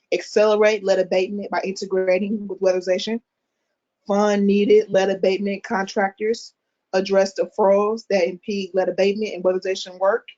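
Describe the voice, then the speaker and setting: A woman reading a prepared statement at a council hearing as a concerned mother, in a steady, even delivery. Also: medium pitch. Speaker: public commenter, concerned mother. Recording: dull, muffled call audio.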